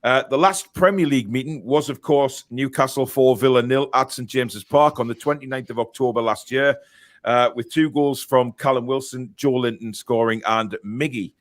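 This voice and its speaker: A man hosting a football podcast, chatty and quick to laugh, reading out listener comments and match statistics. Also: mid-range voice. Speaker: podcast host. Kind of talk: casual chat.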